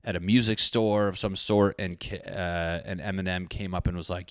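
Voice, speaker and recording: Low-voiced man ranting on a podcast. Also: moderate pace, no room sound. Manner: profane, rambling, puts on comic voices. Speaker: podcast host. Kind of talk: solo podcast rant.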